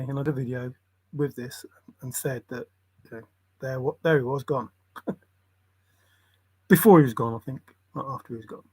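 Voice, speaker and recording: A man's voice: mid-range voice, expressive, normal speed, long pauses, slightly rough, no room sound. A man hosting a livestream, muttering loose word associations and breaking into bits of song. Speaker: livestream host.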